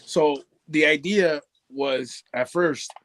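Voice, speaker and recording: A man with a slightly higher voice, chatting casually over a video call. His laid-back way of talking is full of quoted asides. The sound is dry and close. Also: takes it slowly, no echo. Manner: relaxed, storytelling, quoting friends in bursts. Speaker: toy collector guest. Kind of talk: casual chat on a live stream.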